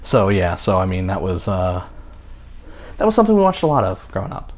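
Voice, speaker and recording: A man's voice: deep voice, sing-song, a little fast. A man in his thirties co-hosting a podcast in casual chat, rambling with many fillers and restarts. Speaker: podcast co-host.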